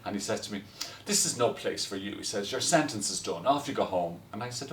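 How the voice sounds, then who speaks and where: A man telling a story in a lively, casual way, often laughing as he goes. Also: on the low side, quick pace. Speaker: guest telling stories. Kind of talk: casual anecdote. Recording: roomy echo, distant from mic, faint noise.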